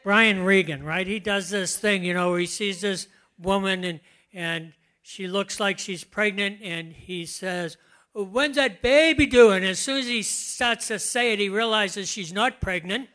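An older man preaching a conversational sermon, relaxed and chatty, often laughing and slowing to stress key words. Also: high voice. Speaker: pastor.

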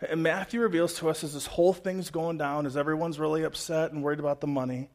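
A man, a pastor, preaching a sermon in a conversational, expressive way, dropping to a hush and then rising to loud emphasis. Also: on the high side, quick pace. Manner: swings between hushed and loud emphasis.

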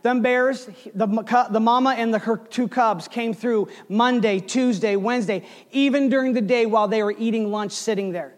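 A man in his forties preaches to his congregation, spinning a personal story that rises to loud bursts and drops to near whispers. His voice sits high for a man. The sound carries a long reverb, as in a large church hall. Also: moderate pace, few pauses. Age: 40s. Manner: storytelling with lively swings between loud and hushed. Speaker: pastor. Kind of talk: sermon.

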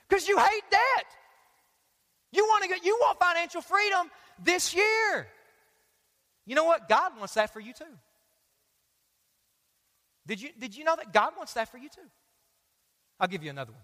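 A pastor gives a lively, joking sermon, addressing the congregation directly. His voice is very high and bright. Long hall reverb surrounds him. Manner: energetic, joking, talks straight to the crowd. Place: large church auditorium.

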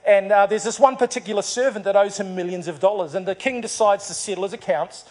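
A man's voice: high voice, fast talker. A man preaching a sermon to a congregation, telling a story and acting out its dialogue. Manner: storytelling, acts out dialogue in the parable. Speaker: pastor.

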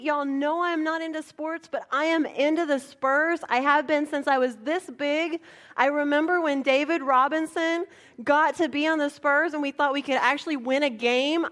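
A woman pastor giving a sermon, telling a personal story in an animated, playful way. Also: high-pitched.

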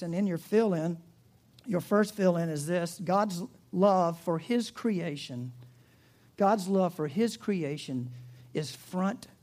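Southern pastor telling a story casually. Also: male voice, high voice, warm tone. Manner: conversational storytelling with humor, asides and restarts. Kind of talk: sermon.

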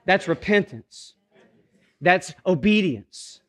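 A man with a notably high voice delivers a sermon. He drops to near-hushed tones, then builds to emphatic, rhythmic repetition aimed at his congregation. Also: animated, slow. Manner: dynamic preaching, swings from hushed to emphatic. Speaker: pastor.

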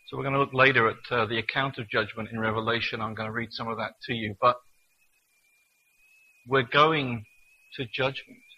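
A man preaching a sermon in an earnest manner, reading scripture slowly and deliberately. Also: mid-range voice, fairly even intonation, breathy edge, muffled recording.

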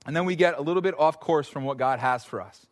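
At an evening church service, a male pastor preaches a sermon fast, in a voice a touch high for a man. He addresses the congregation like friends, telling animated, casual stories with playful little asides.

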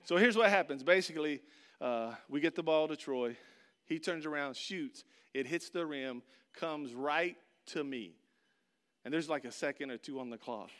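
A man preaching in a high, bright, ringing voice. He tells his story with a lot of life, acts out other people's voices and sometimes shouts. He talks straight to the congregation. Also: normal speed. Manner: addresses the audience directly. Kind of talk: sermon with storytelling.

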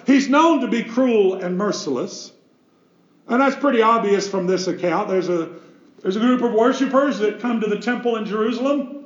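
A man's voice: high-pitched, moderate pace, roomy sound, highs cut off. A man, a pastor, preaching a sermon with emphatic delivery and rhetorical questions.

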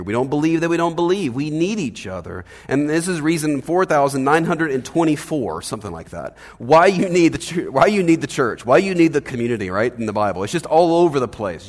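A man preaching a sermon as pastor, conversational and animated, often checking in with "right?". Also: medium pitch, long reverb tail. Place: church hall.

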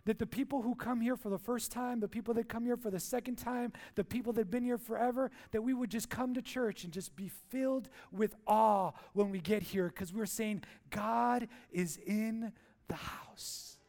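A man's voice: extremely high pitch, fairly even intonation, fairly quick, hardly any pauses, mellow. A man preaching a sermon as pastor in a church, playful and jokey, asking the crowd questions and answering them.

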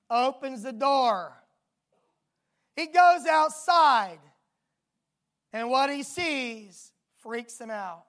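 A preacher delivering a sermon, telling a story dramatically and bursting into emphatic shouts. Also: sits high.

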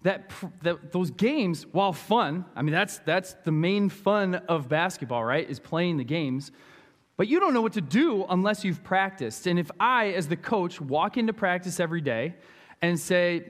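A man's voice: high-pitched, animated, normal speed, in a large hall. A man preaching a sermon in an earnest, conversational way, asking his listeners direct questions. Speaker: pastor and youth basketball coach.

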